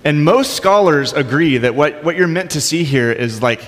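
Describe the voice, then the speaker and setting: A man's voice: a little high, expressive, normal speed. A male pastor preaching a sermon in a conversational, informal way with light humor. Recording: long hall reverb.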